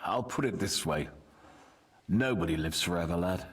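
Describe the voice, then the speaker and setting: An actor playing a measured, diplomatic medieval nobleman who is loyal to his king, in video game voice acting. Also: low-pitched, lively intonation, husky, full character voice. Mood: firm. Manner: diplomatic, composed.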